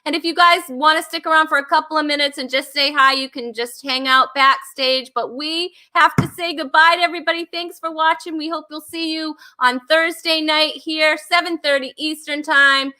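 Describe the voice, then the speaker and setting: This woman's voice sits high and bright as she hosts a comedy chat show. She talks casually, giggles a lot, and keeps things light and bubbly. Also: fairly even intonation, moderate pace, hardly any pauses. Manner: giggly and bubbly, laughs often. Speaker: host.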